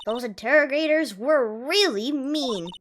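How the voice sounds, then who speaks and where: A woman's voice: high-pitched, measured pace, a little hiss or hum. A woman voicing a cheerful young woman spirit medium, bubbly and chatty while reading game dialogue. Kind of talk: reading a game's dialogue aloud.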